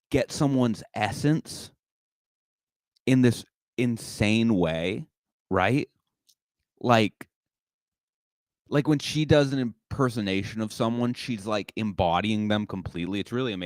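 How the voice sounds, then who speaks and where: A man hosts a live podcast in a loose, joking chat full of self-mockery. His voice sits somewhat low. The sound is dry and close, with no room echo. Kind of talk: casual chat.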